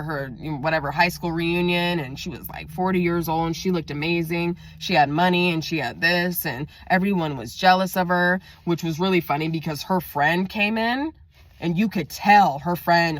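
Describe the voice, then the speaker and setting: A woman's voice: low-pitched, no room sound. Chatty woman venting in a storytime vlog. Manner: chatty, venting, acts out quotes in raised voice. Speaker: vlogger.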